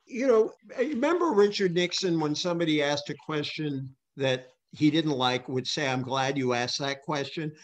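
A man's voice: a little high, animated, moderate pace, hardly any pauses. A man as a radio interview guest, talking earnestly and correcting himself as he goes. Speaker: guest author.

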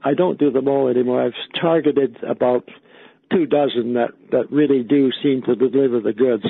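A man talking as a guest in a phone-in interview, halting, with many fillers and restarts. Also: mid-range voice, creaky, husky, no room sound. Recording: tinny phone line.

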